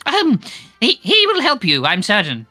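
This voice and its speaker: A woman's voice: a little high, wildly swooping pitch, normal speed, bright, forceful tone, dry recording, soft background music, exaggerated voice. A woman doing a sly groveling informant. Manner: wheedling, repeats "yes, yes". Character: shifty, groveling male informant, sly and cowardly. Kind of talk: reading game dialogue with friends.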